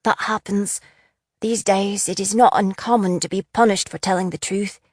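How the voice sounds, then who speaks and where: A woman's voice: mid-range voice, steady tone, moderate pace, a little mellow, no echo, studio quality, natural voice. A woman voicing a nervous, apologetic young male mine worker who tells fortunes, in a storybook reading. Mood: nervous pleading. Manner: pleading and apologetic.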